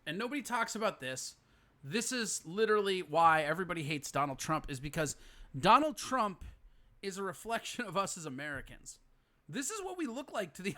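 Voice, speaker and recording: A podcast host with a high, ringing bright voice. He talks in a casual, incredulous way, laughing and cursing as he reacts. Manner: laughing, incredulous, swears freely. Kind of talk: casual commentary on a viral video.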